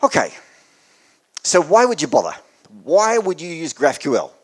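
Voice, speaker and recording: A man's voice: a little high, huge pitch swings, moderate pace. Australian man giving a dry tech talk. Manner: dry joking asides, wide swings in loudness. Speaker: conference speaker. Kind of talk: technical meetup talk. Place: meetup venue before an audience.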